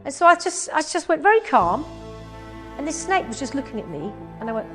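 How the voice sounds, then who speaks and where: A woman from England telling an animated anecdote in a talk, dropping to slow, hushed asides when quoting. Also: high voice, over music. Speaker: animal communicator giving a talk.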